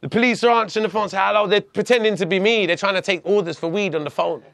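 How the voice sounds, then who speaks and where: A man, telling a story as a podcast guest in a lively, profane way. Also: high-pitched, quick pace, vocal fry, hardly any pauses, no echo. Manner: animated, profane, laughing storyteller. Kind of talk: storytelling in conversation.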